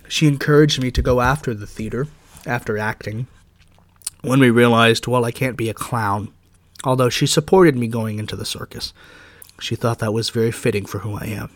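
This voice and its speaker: A man's voice: medium pitch, no room sound. A man hosts a solo podcast in a candid, heartfelt monologue, openly emotional as he talks. His voice sits in an ordinary middle range. The sound is close and dry, with no room around it. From United States. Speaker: podcast host and teacher.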